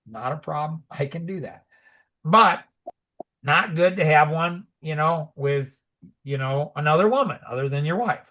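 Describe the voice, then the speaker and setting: Rambling man on a casual podcast. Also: fairly high pitch. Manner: rambling, full of "like" and "you know", animated asides. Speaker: podcast co-host. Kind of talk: casual conversational podcast talk.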